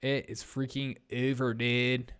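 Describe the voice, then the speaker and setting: A man's voice: mid-range voice, flat delivery, takes it slowly, a bit bright, clean tone. A young man hosting a casual live stream, rambling bluntly and reading out viewer comments. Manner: blunt, rambling, reads chat aloud.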